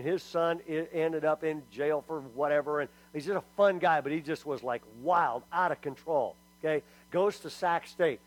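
A middle-aged male pastor delivering a sermon in a lively storytelling way. His voice sits a bit high for a man, and he acts out quotes and tosses asides to the congregation. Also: poor audio.

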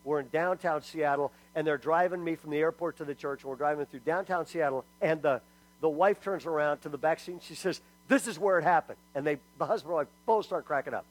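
A middle-aged man giving a lively sermon-style talk to parents. He is emphatic and humorous, and keeps asking the audience "okay?" after each point. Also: fairly high pitch, a little fast, low-quality recording. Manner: humorous storyteller. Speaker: speaker at a church parenting talk.

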